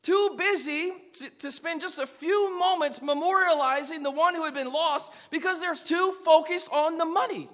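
A man's voice: very high-pitched, normal speed, hardly any pauses, a bit bright. A male pastor preaching a sermon, speaking emphatically and putting rhetorical questions to his congregation. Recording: long reverb of a large hall.

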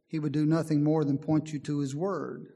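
A man's voice: a little high, little pitch movement, moderate pace, vocal fry, warm tone, slightly rough. A man preaching a sermon in an earnest, emphatic way, often reading scripture aloud. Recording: long hall reverb.

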